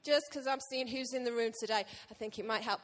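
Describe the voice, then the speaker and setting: High-voiced woman preaching in an echoing hall. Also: quick pace. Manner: lively, joking asides to the congregation. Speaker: pastor. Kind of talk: sermon. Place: church hall. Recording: long reverb of a church hall.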